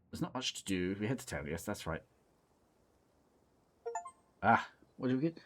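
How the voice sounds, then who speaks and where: A man's voice: on the low side, expressive, normal speed, long pauses. A young man casually commentating and reading aloud a horror game, playful and rambling, often mocking himself. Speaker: let's play host.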